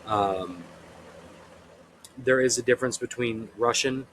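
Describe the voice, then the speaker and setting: A man's voice: fairly low pitch, a little slow, pauses often, fairly bright tone, a little hiss or hum, low-quality recording. A young man, an author being interviewed, chatting easily and laughing often. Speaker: author guest. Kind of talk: casual interview chat.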